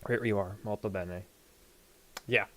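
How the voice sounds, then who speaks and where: A man acting as game master, narrating a tabletop game in casual chat, laughing often and pausing on fillers. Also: on the low side, fairly even intonation.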